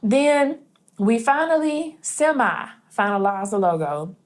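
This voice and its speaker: A woman hosting a casual conversation with a brisk, chatty delivery, quoting others in a softer voice. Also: a little high, big pitch swings. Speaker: host, brand designer.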